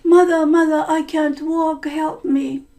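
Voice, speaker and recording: A woman's voice: sits high, steady tone, takes it slowly, darkish tone, slight background noise. A woman voicing a remorseful young girl who earnestly apologizes to her mother while telling a story to language learners. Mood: pleading.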